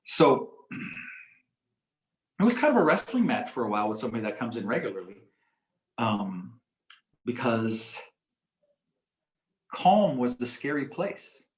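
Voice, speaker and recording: A man presenting a community talk on coping with stress, explaining in a calm, measured way and repeating key phrases. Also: medium pitch. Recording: roomy echo.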